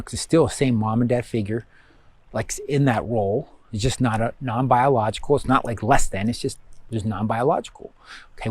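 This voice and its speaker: A man's voice: mid-range voice, a little mellow, slightly rough, no room sound. A man guiding students through a spiritual course review in a loose, rambling way, full of fillers and acted-out inner thoughts. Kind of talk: casual recorded course talk.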